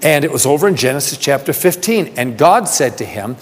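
A man preaching a sermon, asking rhetorical questions and repeating phrases, building from soft talk to emphatic calls. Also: fairly high pitch, very animated, brisk, hardly any pauses, husky. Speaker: pastor. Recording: long reverb of a large hall.

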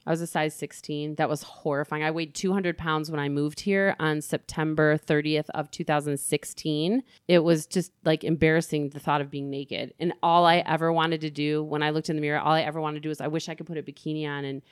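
A woman's voice: low-pitched, little pitch movement, fairly quick, few pauses, smooth, no room sound, clean studio sound. A middle-aged woman, a guest in an interview, speaking candidly and openly about her own life. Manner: candid, open, swearing freely.

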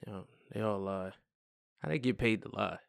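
A man's voice: on the low side, normal speed, creaky, no room sound, clean studio sound. A man co-hosting a podcast in casual chat, laid-back and slangy, swearing freely. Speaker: podcast co-host.

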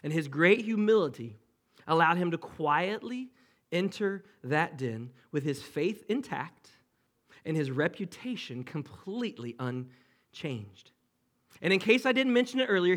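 A man preaching a sermon in a church, moving from hushed, dramatic pauses to playful asides for the congregation. His voice sits a little higher than most men's. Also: big pitch swings. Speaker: pastor.

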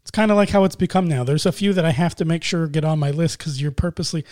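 A man's voice: on the high side, fast, a little mellow, dry recording, studio quality. A man hosting a wrestling podcast in easygoing, teasing casual chat, laughing often. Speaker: podcast host.

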